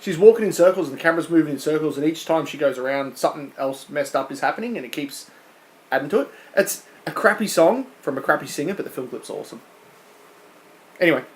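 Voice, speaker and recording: A man's voice: a little high, lively intonation, fast talker, rough recording. A man co-hosting a podcast, reading quiz questions in casual, teasing banter and laughing often.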